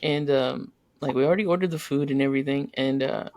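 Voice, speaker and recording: A man's voice: medium pitch, fairly quick, no echo. A man co-hosting a podcast, telling a story about his wife in casual chat and acting out the quotes in different voices. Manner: animated, acts out quotes in varied voices. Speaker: podcast co-host.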